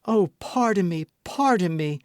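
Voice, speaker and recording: A man's voice: high-pitched, big pitch swings, unhurried, no echo, clean studio sound, pitched above the performer's own voice, exaggerated voice. A man voicing an earnest, jealous young woman who speaks eagerly and pleads. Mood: pleading.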